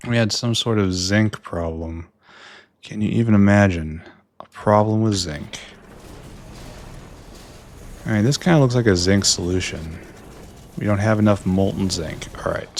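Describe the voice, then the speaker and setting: Low-voiced guy mumbling thru his game, slow and dry, faint hum behind. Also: vocal fry. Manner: musing, talks to himself, dry self-mockery. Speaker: gameplay streamer. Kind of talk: casual commentary.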